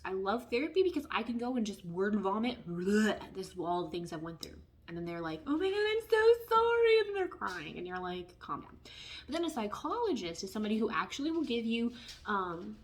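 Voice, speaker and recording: A woman giving a casual tarot reading, chatty and expressive, who often drops into hushed asides. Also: medium pitch. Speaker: tarot reader.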